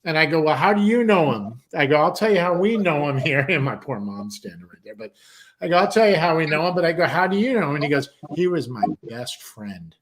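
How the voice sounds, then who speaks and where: Animated man telling a long story. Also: fairly high pitch, fast talker. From San Diego, California. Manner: acts out quoted voices, swears casually. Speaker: guest, country music artist.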